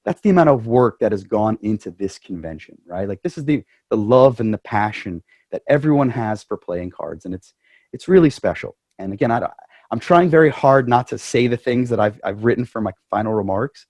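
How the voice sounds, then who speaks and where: A man's voice: lowish voice, animated, fairly quick, darkish tone, no echo. A man speaking as club president, addressing the members over a video call in a chatty, joking way.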